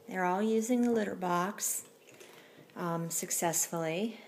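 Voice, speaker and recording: A woman breeder chatting casually as she films her kittens at home, unhurried and full of fillers. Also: low-pitched, a little hiss or hum. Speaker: cat breeder. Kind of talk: casual home video narration.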